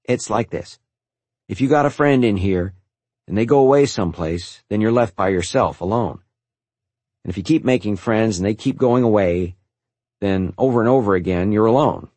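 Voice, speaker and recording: A wary, streetwise orphan boy who talks with the quiet certainty of a kid who has learned the rules the hard way, as a man with a husky voice raises his pitch to play him. The sound is dry and close. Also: moderate pace, no room sound, lightly acted. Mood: earnest. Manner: earnest, explaining hard truths. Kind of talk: audiobook character voice.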